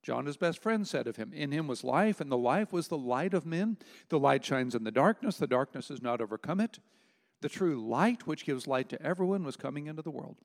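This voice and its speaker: A man preaching a sermon, emphatic, with dramatic pauses on key words. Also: a little high, lively intonation, creaky, big-room sound. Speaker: pastor.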